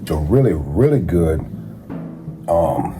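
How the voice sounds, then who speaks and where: A man's voice: rumbling low, very animated, slow. A man talking casually and bluntly, full of profanity and street slang, giving advice in a conversational monologue. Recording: music playing behind the voice. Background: music.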